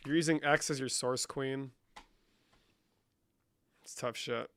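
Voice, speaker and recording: A man's voice: mid-range voice, steady tone, slow, a bit bright, clean tone. A young man live-streaming, casually reading chat comments and answering them with lots of swearing. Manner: profane, reads chat aloud and answers.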